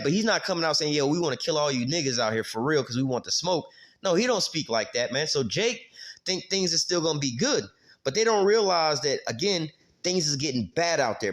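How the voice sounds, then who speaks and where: Guy breaking down bible verses, slangy and loose, lots of "you know" and "man", mid pitch. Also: a bit bright. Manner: street slang, frequent filler words, casual cursing. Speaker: Bible teacher. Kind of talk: informal scripture teaching.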